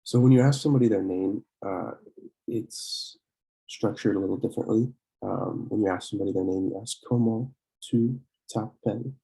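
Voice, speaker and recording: A young man teaching a French lesson from slides, slowly repeating words and often clearing his throat to correct himself. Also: fairly low pitch, dark tone, poor audio. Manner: slow, repeated pronunciation drills. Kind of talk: slide-based language lesson.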